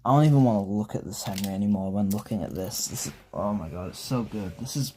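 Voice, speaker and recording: A man giving a casual toy review, talking in an excitable, rambling way and often breaking off mid-sentence. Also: fairly low pitch, quick pace, slight background noise. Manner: rambling, excitable, self-interrupting.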